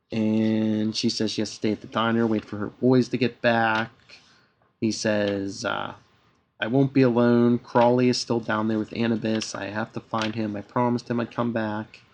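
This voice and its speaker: A man's voice: medium pitch, gravelly. A man co-hosting a podcast, casually recapping a comic issue and reading out the characters' lines with lots of "uh"s. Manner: retells scenes with filler "uh"s and quoted dialogue. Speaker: podcast co-host.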